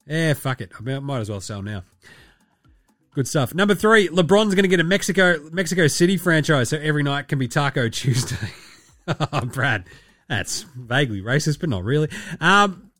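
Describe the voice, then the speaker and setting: Loose, sweary Australian podcast host. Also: male voice, a little high, animated, normal speed, pauses often, fairly bright tone, no room sound, faint music behind. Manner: loose, profane, laughing, rambling. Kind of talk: casual sweary podcast chat.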